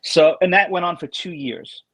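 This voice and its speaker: A man with a fairly high voice tells stories as a guest in a casual interview. He is animated and often restarts his sentences mid-thought. The recording is dry and close, with little room sound. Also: moderate pace, no echo, poor audio. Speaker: guest drummer.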